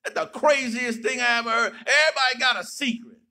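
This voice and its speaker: A man pastor preaching a sermon, breaking into sudden shouts and playful asides. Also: very high-pitched, steady tone, fairly quick.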